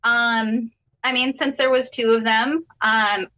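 A woman, a business owner, speaks as a guest in an upset, halting way, full of ums and restarts. Her voice is bright and somewhat high. The sound is dull and lo-fi, as if it comes down a poor line. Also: fairly even intonation. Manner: upset, hesitant, many fillers.

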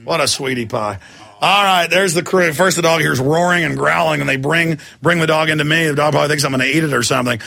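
Fired-up gravelly man hosting radio. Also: fairly high pitch, quick pace. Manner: loud, hyped, shouting. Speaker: radio show host. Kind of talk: fired-up live broadcast fundraising pitch.

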